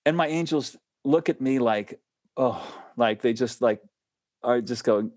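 A man telling a personal story in casual chat, animated, laughing often and restarting his sentences. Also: mid-range voice, unhurried, no echo.

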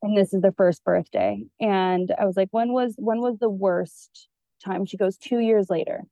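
A woman's voice: mid-range voice, expressive, moderate pace, dark tone, no echo, muffled recording. A woman therapist talking as a podcast guest in an earnest, rambling way, with many fillers, and sounding teary. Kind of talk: casual conversation.

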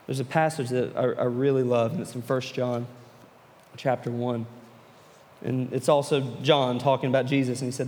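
Animated youth pastor in a reverberant hall. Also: male voice, mid-range voice, moderate pace. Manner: animated storyteller, turning earnest and hushed. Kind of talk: sermon with personal story. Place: large room with an audience. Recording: long reverb of a large hall.

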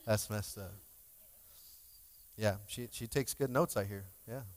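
A man's voice: on the low side, a little slow. A male pastor giving a sermon in a conversational, emotional way, joking with his congregation. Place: church sanctuary. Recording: long hall reverb.

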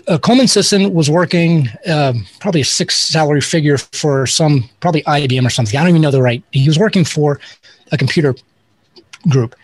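A man's voice: a little high, slightly rough, no echo. A man talking as an interview guest, telling rambling, self-deprecating stories with many restarts. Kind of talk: casual interview storytelling.

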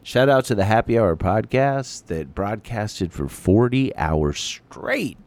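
A man's voice: fairly low pitch, expressive, takes it slowly, darkish tone. A man hosting his podcast in casual chat, rambling about being a parent and swearing lightly. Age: adult parent. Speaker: podcast host.

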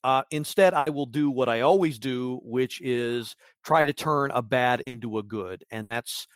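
A man's voice: mid-range voice, measured pace, no echo, clean studio sound. A man hosting a casual sports podcast, rambling and wry with lots of fillers. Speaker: podcast host.

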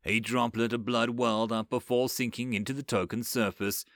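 A man reading a dark fantasy story aloud in an expressive, dramatic way. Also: mid-range voice, moderate pace, no room sound, studio quality. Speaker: narrator. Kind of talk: audiobook story narration.

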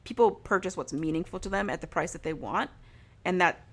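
A woman's voice: fairly low pitch, lively intonation, fairly quick. A young woman in casual chat, retelling a story in a chatty, filler-heavy way and acting out the lines of the people in it. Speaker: podcast co-host recapping a story.

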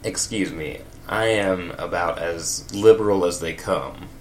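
A man's voice: low voice, a little slow, a little mellow, a little hiss or hum. A man reading comedic fan fiction aloud, with wry, laughing asides. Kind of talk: comedic read-aloud with commentary.

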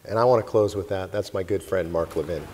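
A man and organization president telling an animated story in a speech to a live audience, laughing often as he goes. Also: low voice, fast, slight background noise. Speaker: convention speaker and organization president. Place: conference hall stage. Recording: long hall reverb with faint crowd.

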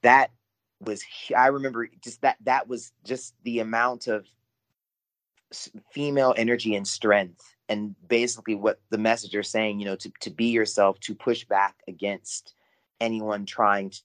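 A man's voice: on the low side, little pitch movement, moderate pace, fairly bright tone. A man co-hosting a casual podcast discussion, talking effusively and often repeating words while he searches for phrasing. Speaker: podcast co-host.

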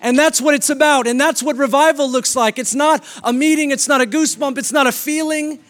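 A pastor preaching a sermon with emphatic, repeated declarations. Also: male voice, extremely high pitch, fairly even intonation, brisk, a bit bright, faint music behind.

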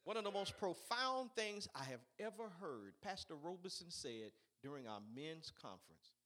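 A man preaching a sermon, swinging between shouted, fiery peaks and quiet, conversational asides. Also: sits high, big pitch swings, moderate pace. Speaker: pastor.

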